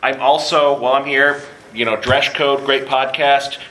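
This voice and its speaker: A man hosting a live podcast at a convention, joking and plugging shows quickly with casual profanity. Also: medium pitch, fairly even intonation, bright, forceful tone. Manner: joking, rapid plugs with profanity. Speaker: podcast host. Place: convention room with audience. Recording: live room recording with background noise.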